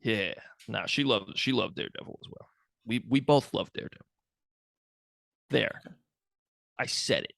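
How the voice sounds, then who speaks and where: A man's voice: lowish voice, moderate pace, creaky, pauses often, a bit bright, dry recording, clean studio sound. A man co-hosting a movie podcast, chatting casually, jokey and rambling, swearing now and then. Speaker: podcast co-host. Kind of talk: casual chat about movies.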